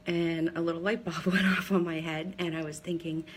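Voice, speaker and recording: A woman in her forties from Pennsylvania talks through her own story on a casual live video, candid and rambling with plenty of ums. Her voice sits a little low. A faint hum runs underneath. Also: level tone, brisk, rough recording. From Pennsylvania, USA. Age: 40s. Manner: chatty and candid, many ums, laughs at herself. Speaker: direct seller sharing her story.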